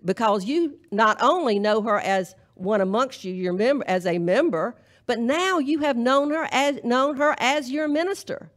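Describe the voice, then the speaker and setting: A woman's voice: on the high side, fairly bright tone. A woman minister with a Southern US accent, delivering a humorous, emphatic charge to a congregation at a live church service. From Southern United States. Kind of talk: folksy sermon-style charge.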